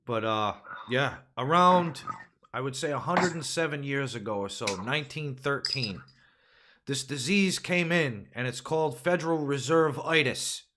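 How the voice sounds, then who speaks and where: Male host, mid-pitched, ranting and profane, fires off rhetorical questions. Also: unhurried, noisy background. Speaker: podcast host. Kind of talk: casual political podcast rant.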